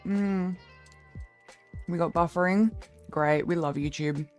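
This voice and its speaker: A woman's voice: fairly low pitch, takes it slowly, darkish tone, soft background music. A young Australian woman chatting casually on her livestream, playful, swearing freely and laughing often. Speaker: streamer.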